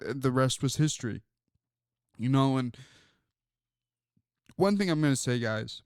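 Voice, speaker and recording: Brief: male sports talk host, unhurried rambling storyteller, fairly high voice. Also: a little mellow, smooth, no echo, studio quality. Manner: rambling, storytelling, many fillers. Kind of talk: casual sports talk monologue.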